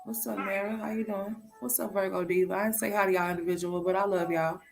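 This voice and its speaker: A woman streamer giving blunt, profane reaction commentary, talking straight to her live chat and swinging between loud and quiet. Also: mid-range voice, steady tone, fast talker, gravelly, soft background music.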